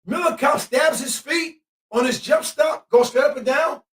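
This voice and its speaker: A male host giving excitable live commentary while watching a game, often shouting at the refs and players. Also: very high voice, moderate pace. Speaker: podcast host. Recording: echoey room, mic at a distance.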